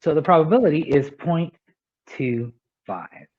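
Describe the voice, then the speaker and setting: A man's voice: a little high, unhurried, phone-quality sound. A male teacher explaining a math lesson step by step, often checking in with "right?".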